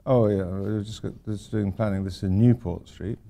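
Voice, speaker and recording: A man's voice: lowish voice, fairly even intonation, normal speed, gravelly, warm tone, a little hiss or hum. An older man, an architect giving an informal lecture, rambling through anecdotes with wry asides.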